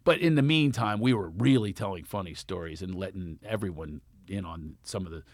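A man's voice: brisk, dry recording, studio quality. A man, a comedian, telling stories in casual chat and acting out the voices of the people he quotes. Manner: animated storyteller, acts out quotes with big pitch jumps. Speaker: comedian guest.

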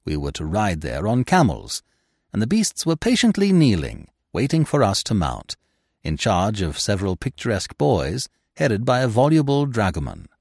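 A man narrating a classic story with an expressive, dramatic reading. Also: lowish voice, normal speed, creaky, husky, no room sound, clean studio sound. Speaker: podcast narrator. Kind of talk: scripted audiobook narration.

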